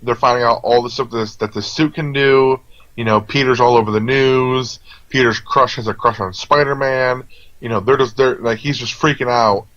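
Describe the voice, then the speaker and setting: A man's voice: mid-range voice, fairly even intonation, normal speed, fairly bright tone, no room sound. A man co-hosting a casual movie review chat, rambling along with lots of fillers and restarts. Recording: dull, lo-fi sound.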